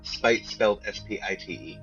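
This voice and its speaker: A man playing a tabletop game, deliberately describing his character's plans. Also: lowish voice, steady tone, fairly bright tone, soft background music. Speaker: player. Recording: dull, lo-fi voice.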